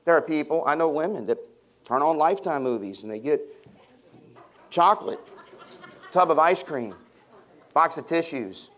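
A pastor in his fifties preaches with a voice pitched a little higher than most men's. He jokes his way through stories and calls out questions to his congregation. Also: expressive, moderate pace, long pauses, fairly bright tone. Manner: humorous, storytelling, banters with the congregation. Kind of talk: sermon. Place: church before a congregation.

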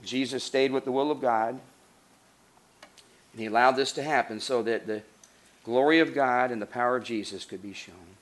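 A man preaches a sermon as pastor, speaking earnestly, rising to emphatic lines and dropping to soft, hushed passages. His voice is medium-pitched and steady, at a moderate pace with long pauses.

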